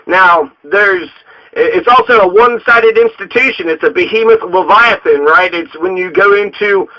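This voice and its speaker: A man's voice: high voice, normal speed. Profane man in a heated rant. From Colorado. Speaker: local political candidate. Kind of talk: angry political rant. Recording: dull lo-fi recording.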